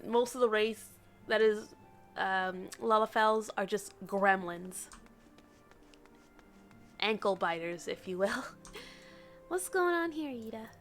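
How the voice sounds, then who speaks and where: A woman's voice: on the high side, fairly bright tone. Playful woman streamer, teasing and laughing. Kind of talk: casual live game stream.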